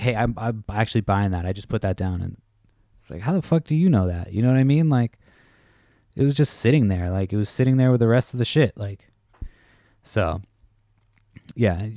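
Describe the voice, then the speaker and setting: A man's voice: lowish voice, a little mellow, dry recording, clean studio sound. A man hosting a solo podcast, telling stories casually with lots of swearing and acting out what other people said. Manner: casual, profane, acts out quoted people. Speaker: podcast host.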